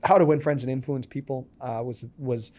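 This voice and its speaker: A man's voice: mid-range voice, normal speed. A man in his thirties, a business owner being interviewed, telling stories casually and acting out the dialogue. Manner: animated storyteller, acts out quoted dialogue. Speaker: podcast guest, business owner.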